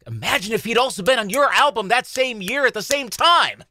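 A male interview host with a bright, lively voice that rises and falls a lot. He talks in a relaxed, chatty way, and the recording is dry and close. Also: very high-pitched, a little fast, dry recording. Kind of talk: casual interview chat.

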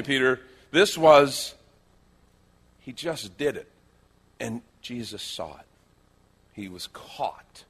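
A middle-aged male pastor preaching a sermon, telling stories with lively changes between loud acted-out lines and hushed quiet moments. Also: medium pitch, breathy edge. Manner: animated storytelling, acting out quoted lines, dropping to hushed tones.

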